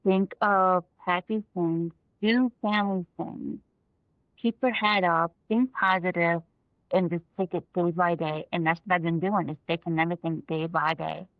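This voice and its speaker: A woman's voice: on the low side, steady tone, normal speed, no room sound. A woman in her thirties, an interview guest, talking with emotion and many fillers and restarts. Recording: dull, lo-fi dry recording.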